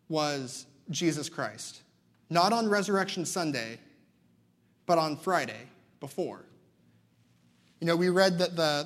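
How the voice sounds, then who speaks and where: A young man preaches from the pulpit, telling stories with lively emphasis and a slightly high voice. His words ring out with a long hall reverb behind them. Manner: animated storytelling preacher. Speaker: pastor. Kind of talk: sermon.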